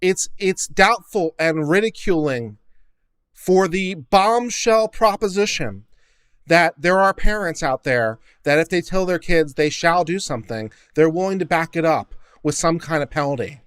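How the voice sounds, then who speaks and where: A man with a fairly high voice rants in casual commentary. His tone is sarcastic and incredulous, stacking up mock-disbelieving remarks as he reacts. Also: lively intonation, measured pace, fairly bright tone, smooth. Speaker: host reacting to court audio.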